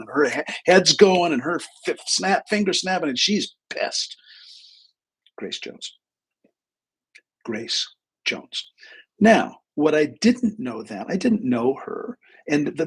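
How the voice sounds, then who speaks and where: A man's voice: medium pitch, a bit bright, slightly rough, low-quality recording. A man in his sixties hosting a live talk stream, telling a rambling personal story full of asides and self-corrections. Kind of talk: casual anecdotal storytelling.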